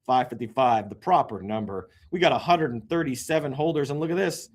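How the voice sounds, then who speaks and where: Talking over on-screen market charts, this casual crypto show host mutters low one moment and bursts into loud exclamations the next. His excitable delivery is dotted with occasional yawns and lengthy sighs.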